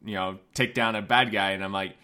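A man's voice: lowish voice, steady tone, a little fast, bright, forceful tone. A man in casual chat, chiming in with teasing quips.

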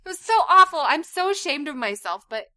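Woman, 30s, podcast co-host and mom; bouncy, high, sweeping delivery, laughs easily. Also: brisk. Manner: animated, laughing, acts out shouted quotes. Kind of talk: casual storytelling chat.

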